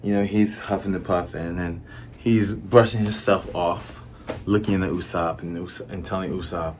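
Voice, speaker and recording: A man's voice: low voice, fairly even intonation, moderate pace, slight background noise. A man from the American South talking through a manga chapter in a chatty, musing way. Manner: chatty, musing, lots of fillers. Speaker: manga reviewer. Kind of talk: casual commentary.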